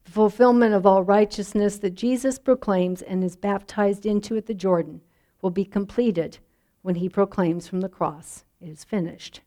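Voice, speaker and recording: A woman pastor preaching a sermon in a measured, reflective way, letting line endings drop softly. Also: medium pitch.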